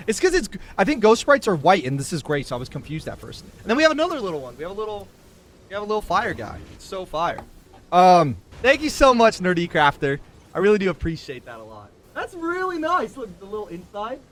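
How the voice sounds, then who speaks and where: A man reacting to an unboxing in an awkward, halting way. His voice leaps wildly up and down and sits fairly high for a man. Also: very animated, a bit bright. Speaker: content creator. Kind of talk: casual reaction clip.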